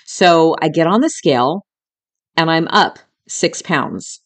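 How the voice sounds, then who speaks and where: A woman's voice: low voice, lively intonation, takes it slowly. A middle-aged woman hosting a podcast, telling a personal story in a candid, emotional way, with some swearing and talking straight to the listener as a friend. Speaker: podcast host.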